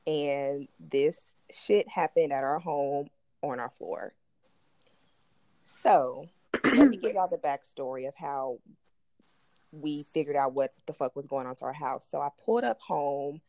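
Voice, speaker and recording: A woman, co-hosting a podcast and telling a story in casual chat, animated and profane, acting out what people said. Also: low voice, dry recording. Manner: animated, profane, acts out quotes. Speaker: podcast co-host.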